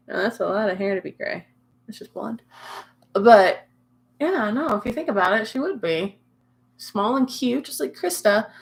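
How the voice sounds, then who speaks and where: A young woman hosting a casual livestream, chatting and teasing her viewers and laughing often. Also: a little high. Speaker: livestream host. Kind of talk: casual livestream chat reading comments.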